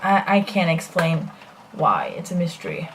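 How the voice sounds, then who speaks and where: A woman's voice: fairly low pitch, very animated, normal speed, fairly bright tone, a little hiss or hum. A young woman chatting casually through a makeup tutorial as a beauty vlogger, self-deprecating and full of fillers.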